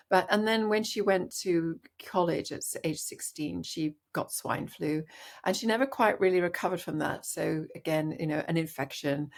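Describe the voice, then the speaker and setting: A middle-aged woman, a doctor, telling a personal story in an interview with earnest animation and frequent restarts. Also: sits low. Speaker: doctor guest.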